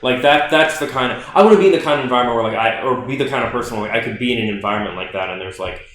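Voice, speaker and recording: A young man co-hosts a podcast in a very echoey room, his medium-pitched, fairly bright voice moving very fast. The talk is casual chat and joking, packed with filler "likes."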